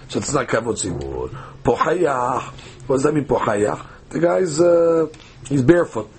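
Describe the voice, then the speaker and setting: A man of middle pitch leads a daily Talmud class. He reads the text out and explains it in short, halting phrases, full of "uh". A faint room hum sits under his voice. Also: a little mellow. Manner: reads text aloud and translates phrase by phrase, hesitant fillers. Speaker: Talmud teacher.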